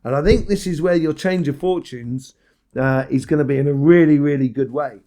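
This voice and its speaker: A man's voice: a little high, moderate pace, warm tone. A man giving a casual weekly tarot reading, talking straight to the listener in a meandering, encouraging way, full of fillers and restarts. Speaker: tarot reader.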